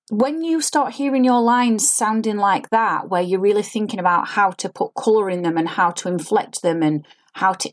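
A woman, an acting coach giving an earnest, explanatory spoken lesson and demonstrating line readings. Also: mid-range voice.

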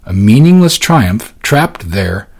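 A male audiobook narrator with a low, husky voice that has a breathy texture. His delivery swings widely in pitch, slowing and dropping for dramatic effect as he reads the scene. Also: sing-song. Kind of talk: scripted narration.

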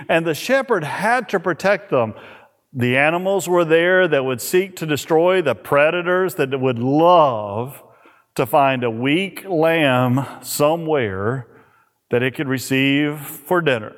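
Middle-aged man preaching, voice pitched a bit high, slows down on the big words, church echo. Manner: expressive preaching, slows and drops on key words. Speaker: pastor. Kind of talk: sermon. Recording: long hall reverb.

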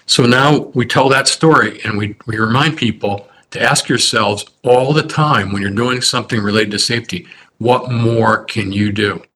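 A man, a construction company president, telling stories in a measured, earnest way during a podcast interview. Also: medium pitch, bright, forceful tone, breathy edge. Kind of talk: anecdotal storytelling in a podcast interview.

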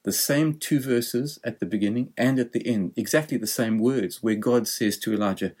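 A man's voice: mid-range voice, moderate pace, a little mellow. A man preaching a sermon, explaining a scripture passage in a thoughtful, explanatory way.

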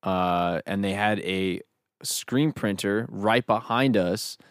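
A man's voice: lowish voice, slow, clean tone, dry recording, clean studio sound. A young man co-hosting a podcast in casual chat, telling stories with enthusiasm, swearing often and saying "dude" and "bro". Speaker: podcast co-host, band member.

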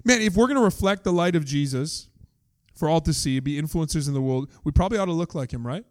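High-voiced pastor, casual sermon. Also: male voice, expressive, quick pace. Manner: casual, conversational storytelling, humorous asides.

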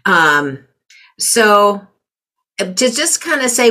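A middle-aged woman speaks in a somewhat low voice, talking through parenting advice in a relaxed interview. She is reflective and often slips into other voices to act out remarks she quotes. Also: unhurried. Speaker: parenting guest. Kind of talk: conversational interview.

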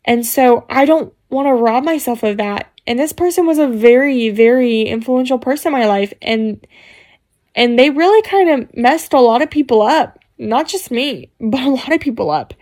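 A woman's voice: sits high, normal speed, darkish tone. A woman sharing a heartfelt faith message at home in a casual, rambling way, full of "you know" and "like". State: tearful near the end. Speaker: Christian vlogger sharing a devotional message. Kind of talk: casual faith talk, testimony. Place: at home, dog jumping on the bed.

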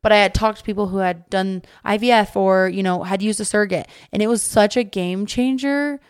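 A woman's voice: mid-range voice, fairly quick, clear, resonant tone. A young woman talking as a podcast guest, chatting casually and filling her speech with "like". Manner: chatty, many "like" fillers. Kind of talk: casual chat.

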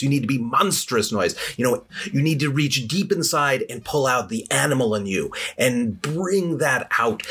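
A man's voice: mid-range voice, a bit bright, breathy edge, heavily acted. A man voicing a mysterious masked knight who urgently rallies villagers to fight. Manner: rousing, urgent commands.

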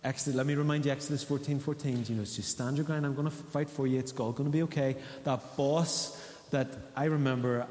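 A pastor with a medium-pitched, darkish voice preaches briskly and steadily in a church hall. His sermon is conversational, and he asks the congregation questions. The hall's echo is clearly audible.

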